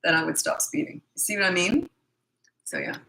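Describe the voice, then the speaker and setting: Answering parenting questions in a casual session, a middle-aged woman is matter-of-fact and blunt, tolerating no nonsense. Her lowish voice is gravelly and sharp, her throat scratchy, and her pace fairly quick.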